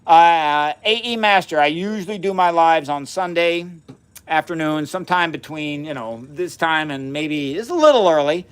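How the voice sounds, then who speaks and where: A man's voice: a little high, animated, normal speed, clear, resonant tone. Upbeat man in his fifties, livestream chat. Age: 50s. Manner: upbeat and folksy, greeting viewers by name. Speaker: science livestream host. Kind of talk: casual live-stream chat. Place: home basement.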